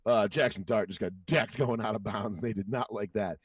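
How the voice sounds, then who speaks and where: A man's voice: fairly low pitch, brisk, breathy edge, dry recording. Male podcast host, casual profane storyteller, dry and slightly distant sound. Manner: animated, profane, acts out quotes in raised voices.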